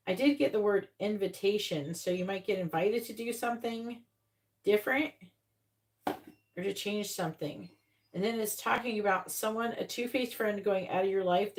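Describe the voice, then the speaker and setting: Blunt casual woman tarot reader. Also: mid-range voice. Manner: blunt, casual, swears, acts out quoted voices. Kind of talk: live-stream tarot reading.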